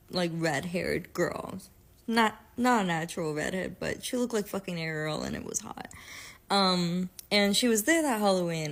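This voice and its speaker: A woman from Florida telling a casual storytime, blunt and full of profanity. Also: on the low side. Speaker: TikTok storyteller.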